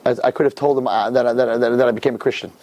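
A man who teaches, telling a personal story to a live audience in an animated, expressive way. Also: racing, heavy background noise. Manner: animated, expressive storyteller with big pitch swings.

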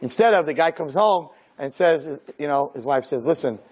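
A man who is a rabbi, giving a lively Torah lecture to a group, acting out little dialogues and firing off rhetorical questions. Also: on the high side, moderate pace.

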